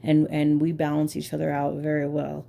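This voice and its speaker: Woman podcast host with a mellow voice and faint background noise, talking candidly and casually. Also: low-pitched, monotone, normal speed, vocal fry. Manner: candid, profane, filler-heavy. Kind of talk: casual chat.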